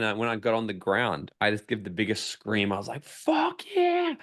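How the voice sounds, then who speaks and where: A man's voice: mid-range voice, a bit bright. A man telling a personal story as a podcast guest, swearing freely, acting out his own inner dialogue and turning it into motivational advice. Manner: profane, emphatic motivational storytelling. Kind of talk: casual storytelling interview.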